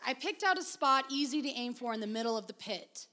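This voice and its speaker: A woman with a high voice reading a story aloud. Her delivery is measured and expressive, and she takes her time over the narration. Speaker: reader.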